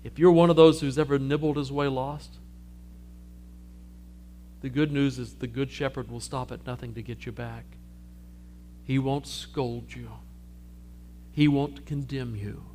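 A man preaching a sermon, telling a parable with lively storytelling and acting out the characters' lines. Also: mid-range voice, slight background noise. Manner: animated storytelling, acting out sheep and Jesus. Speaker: pastor.

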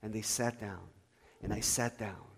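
A man preaching a sermon as pastor, telling a story and swinging between loud bursts and hushed asides. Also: on the low side, steady tone, a little slow, creaky, breathy edge. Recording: long reverb of a church hall.

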